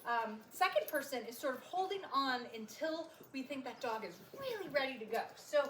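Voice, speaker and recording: A very high-pitched, animated woman dog trainer gives upbeat instructions outdoors and pours praise on the dog. She is far from the mic, with a roomy echo and noise around her. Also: moderate pace, hardly any pauses. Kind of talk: instructional demo. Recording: outdoor, distant, echoey, noisy.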